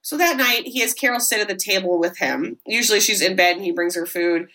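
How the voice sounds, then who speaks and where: Bright-voiced woman animatedly recapping a film. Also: medium pitch, a little fast, poor audio. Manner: animated, acts out characters' lines, swears casually. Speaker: podcast co-host recapping a horror film. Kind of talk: casual chat, storytelling recap.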